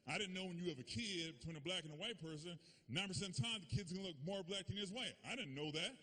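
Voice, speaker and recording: A man telling profane, animated stories in a stand-up comedy set. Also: high-pitched, fast talker.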